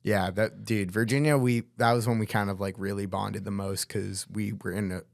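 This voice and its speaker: A young man with a lowish voice tells tour stories in a loose, slangy way, dropping "bro" and "like" constantly. His voice sounds dry and close, with no room around it. The talk is easygoing podcast chat. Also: fairly even intonation, moderate pace, vocal fry, no room sound. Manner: laid-back, slangy, says "bro" and "like" a lot. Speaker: guest vocalist. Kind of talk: casual podcast storytelling.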